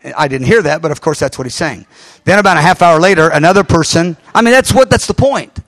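A male pastor telling a story in a sermon, animated and acting out the voices of the people in it. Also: on the high side, fast talker, no room sound.

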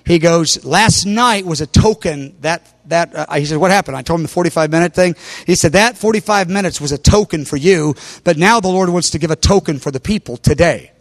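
A man's voice: fairly high pitch, a little fast, no room sound. A man preaching, telling a story with animation and raising his voice when he quotes others. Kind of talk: sermon testimony.

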